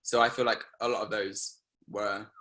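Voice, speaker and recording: A man's voice: fairly low pitch, flat delivery, normal speed, sharp tone. A young British man speaking animatedly with many fillers, hosting a casual panel discussion. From Britain.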